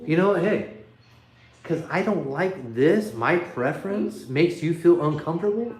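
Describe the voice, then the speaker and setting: A man's voice: on the high side, animated, measured pace, darkish tone. Man rambling live into his phone. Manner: rambling, chuckling, off-the-cuff. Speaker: livestream host. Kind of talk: casual livestream chat reading comments. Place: his living room. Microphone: iPhone. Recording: roomy living room echo on phone.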